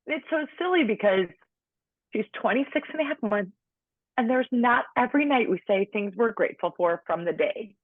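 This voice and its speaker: Woman, late 30s, podcast guest, chatty storytelling, husky voice, tinny dry phone line. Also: on the high side, lively intonation, moderate pace, no echo. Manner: chatty, lots of "like", acts out quoted people. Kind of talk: personal storytelling in conversation.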